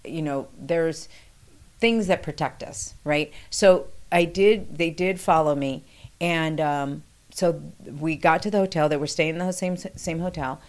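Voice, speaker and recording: A woman recounting a past experience in conversational storytelling, acting out quoted dialogue with animated pitch jumps. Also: a little slow. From New York City.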